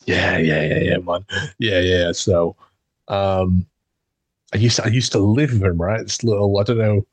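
A man's voice: sits low, fairly even intonation, normal speed, no room sound. A young man, hosting a podcast and telling a rambling, sweary story with laughs. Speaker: podcast host. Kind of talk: casual storytelling chat.

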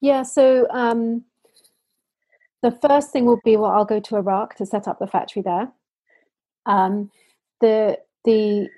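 Soft husky woman telling earnest stories. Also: medium pitch, no echo. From United Kingdom. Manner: earnest storytelling, frequent restarts and fillers. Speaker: founder of a nappy-making social enterprise. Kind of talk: conversational interview answer.

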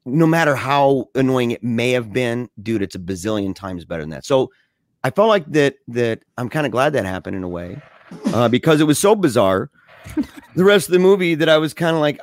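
A man telling a story in casual chat with a co-host, animated and slangy, laughing often as he talks. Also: medium pitch, no room sound, studio quality. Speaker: podcast co-host.

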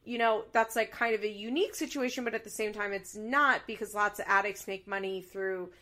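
A woman co-hosting a podcast, recapping a reality show in candid, animated casual chat and swearing freely. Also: mid-range voice, fairly quick. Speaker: podcast co-host.

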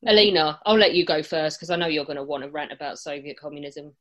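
Woman host, lower voice, teasing, casual. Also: fast talker, fairly bright tone. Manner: teasing, laughing, moves things along. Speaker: podcast host. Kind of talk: casual chat.

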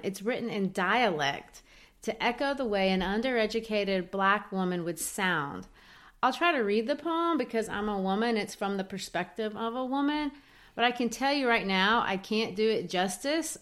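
A woman's voice: mid-range voice, a bit bright. Woman, co-host, literature lesson, explanatory, mid-range voice. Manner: explanatory, thinking aloud with restarts. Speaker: teacher co-host. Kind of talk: educational discussion of literature.

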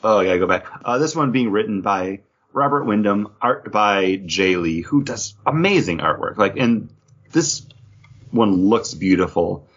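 A man's voice: on the low side, lively intonation, moderate pace, a bit bright, husky, lo-fi sound. A man co-hosting a casual comics podcast, rambling with lots of fillers and joking asides. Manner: rambling, filler-heavy, jokey. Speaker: podcast co-host.

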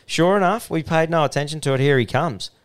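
A man's voice: a little high, a little fast, clear, resonant tone. A young man with an Australian accent, co-hosting a podcast and telling blunt, sweary yarns in casual banter. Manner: blunt, sweary, laid-back yarn-spinning. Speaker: podcast co-host.

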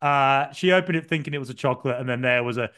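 A man's voice: medium pitch, fast talker, fairly bright tone, clean tone. A man co-hosting a football podcast, telling a long story in a rambling, self-deprecating way with lots of fillers. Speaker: podcast co-host. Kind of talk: casual podcast chat.

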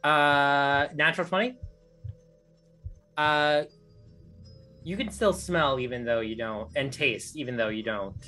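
Unhurried man narrating a tabletop game. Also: mid-range voice, sharp tone, faint music behind. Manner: hesitant, many fillers, unhurried. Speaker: game master.

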